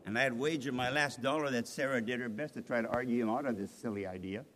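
A male pastor preaching a sermon, animated, acting out voices of the people he quotes. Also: mid-range voice, quick pace. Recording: reverberant hall, faint noise.

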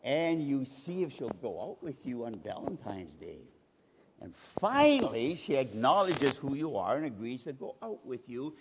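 A male pastor preaching a sermon, animated, acting out voices of the people he quotes. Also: mid-range voice, unhurried. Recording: reverberant hall, faint noise.

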